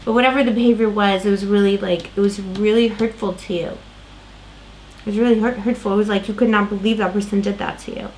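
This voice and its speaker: A woman's voice: medium pitch, fairly even intonation, fast, a little mellow, slight background noise, poor audio. Chatty woman tarot reader, rambling. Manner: rambling, self-interrupting, lots of fillers. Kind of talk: casual tarot reading.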